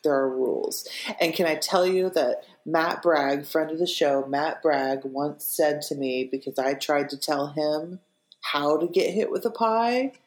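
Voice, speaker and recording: A woman's voice: deep voice, measured pace. A woman co-hosting a podcast in casual chat, swearing casually and laughing often. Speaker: podcast co-host. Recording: roomy echo.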